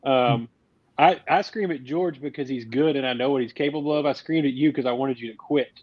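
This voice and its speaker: A man's voice: mid-range voice, brisk, dry recording. Rambling man coach, dull dry sound. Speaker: youth baseball coach. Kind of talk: casual chat.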